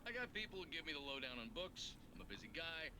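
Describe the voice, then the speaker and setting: A man's voice: fairly high pitch, sing-song, quick pace. A man voicing a slick male talk-show host who jokes in a showy way to his audience, in a noisy game recording.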